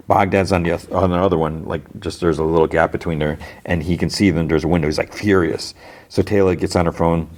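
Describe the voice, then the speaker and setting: A man's voice: deep voice, a little mellow. A podcast host, a man, recapping a TV episode in a rambling, casual way, full of "like" as he acts out the dialogue. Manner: rambling retelling packed with "like", acting out dialogue.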